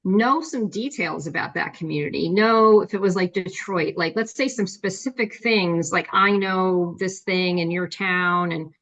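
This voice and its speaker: A woman's voice: lowish voice, a little slow, few pauses, a bit bright. A woman joining a casual panel chat, musing tentatively and hedging her points.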